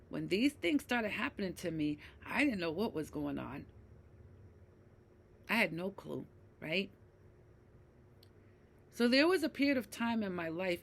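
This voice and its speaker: A woman in her fifties speaking to her viewers about mental health, emphatic, checking in with "right?" again and again, dropping low and quiet, then rising loud and heated. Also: gravelly. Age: 50s. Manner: emphatic, repeats "right?" often. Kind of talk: personal talk to camera.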